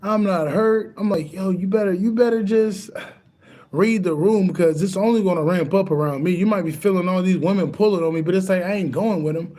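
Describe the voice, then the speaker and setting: High-voiced man in a rambling, profane monologue. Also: a little fast, mellow. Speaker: spiritual vlogger. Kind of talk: casual monologue.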